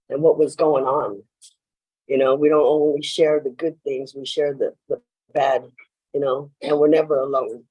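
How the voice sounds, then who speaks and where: Husky woman sharing her story. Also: deep voice, darkish tone, muffled recording. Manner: rambling storytelling with frequent "you know"; acts out quoted lines in her stories. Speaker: speaker at a recovery meeting. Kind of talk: personal share at a meeting. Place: meeting room.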